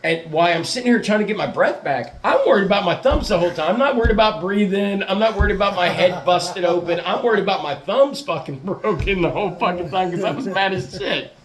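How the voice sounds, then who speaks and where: A man with a fairly high voice tells a rowdy story in a casual podcast chat. He swears freely, laughs often and acts out each moment as he goes. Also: fast, few pauses, a crowd in the background. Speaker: podcast host.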